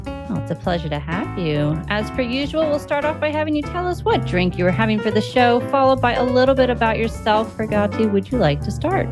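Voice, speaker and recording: A woman hosting a podcast interview speaks briskly over music, her slightly high voice full of lively intonation. She's chatty and tells stories, acting out little exchanges as she goes.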